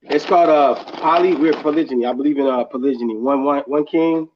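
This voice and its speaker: A man's voice: fairly high pitch, fast talker, lo-fi sound, noisy background. A man calling into a podcast as a guest, laid-back and blunt, apologizing for his spot. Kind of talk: casual chat.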